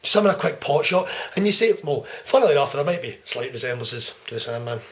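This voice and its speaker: Taunting young Scottish wrestler, cursing freely. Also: male voice, medium pitch, expressive, fast. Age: 20s. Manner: taunting, profane, swings from loud to hushed. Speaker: pro wrestler. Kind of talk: trash-talk wrestling promo.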